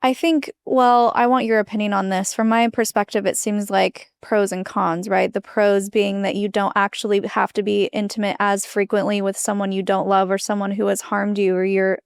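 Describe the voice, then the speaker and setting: A woman's voice: medium pitch, little pitch movement, normal speed, creaky, hardly any pauses, clear, resonant tone, dry recording. A woman host asking thoughtful, probing questions in an interview. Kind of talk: interview conversation.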